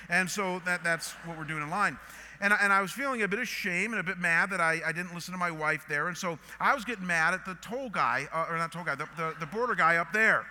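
A middle-aged man, a pastor, telling a story in a sermon and then praying, animated and full of restarts. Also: high voice, fast talker. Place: church auditorium. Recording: long hall reverb.

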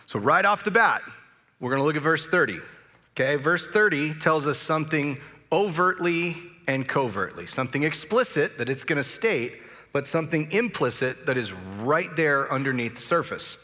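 A man preaching a sermon as pastor, telling a story in a relaxed, conversational way with frequent fillers. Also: a little high, moderate pace. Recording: long church hall reverb.

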